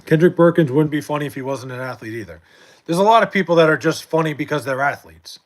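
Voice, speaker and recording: A man's voice: fairly high pitch, fast. A young man hosting a live stream, chatting casually about sports in a profane, rambling way with many restarts and fillers, late at night at home. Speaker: livestream host reading chat.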